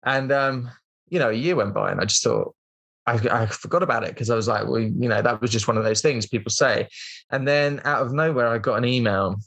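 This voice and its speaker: A man's voice: mid-range voice, brisk, vocal fry, fairly bright tone. A British man in his thirties, a podcast guest telling a story in a rambling, chatty way with plenty of fillers. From Britain. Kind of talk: casual storytelling interview.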